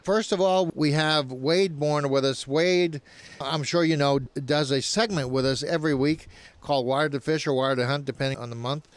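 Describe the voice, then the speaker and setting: A man's voice: on the high side, moderate pace, clean tone, no room sound. A man hosting a radio outdoors talk show, joking and laughing as he introduces his guests. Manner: playful, jokey, laughs at own jokes.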